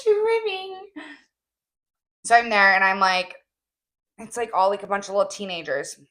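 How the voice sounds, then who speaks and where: Buzzing from an energy drink, a young podcast co-host tells stories with bubbly giggles during a casual chat. She speaks a little fast in a mid-range voice with a sharp tone.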